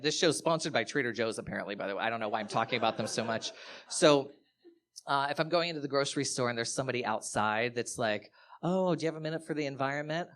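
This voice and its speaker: A man performing a stand-up comedy set on stage, telling stories in an animated way and acting out the other people in them. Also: medium pitch. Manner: animated storytelling, acting out quoted voices. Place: live comedy venue, audience laughter.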